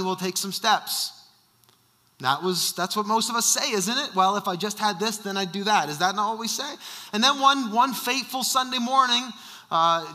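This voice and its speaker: A man who is a senior pastor preaching a sermon, shifting between emphatic bursts and quiet asides. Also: high-pitched, long reverb tail. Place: church sanctuary.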